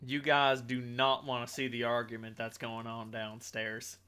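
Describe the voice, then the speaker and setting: A man's voice: medium pitch, completely flat delivery, measured pace, bright, forceful tone. A man leads a tabletop game, talking in character with a folksy drawl. His delivery is blunt and easygoing. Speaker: game master voicing a character. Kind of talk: in-character tabletop role-play.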